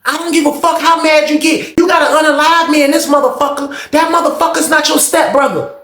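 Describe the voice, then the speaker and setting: Man doing a loud, high, mocking young inmate, yells the same jabs over and over, echoey room. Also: fairly quick, heavily acted. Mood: taunting. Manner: shouting, mocking, repeating taunts. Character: brash young male inmate taunting loudly.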